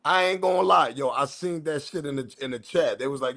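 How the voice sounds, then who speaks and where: A man's voice: on the high side, fairly quick, creaky, a bit bright. A man from the US East Coast with his accent, hosting a casual live-stream commentary with slangy, loose talk and chuckling asides to his chat. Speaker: commentary channel host.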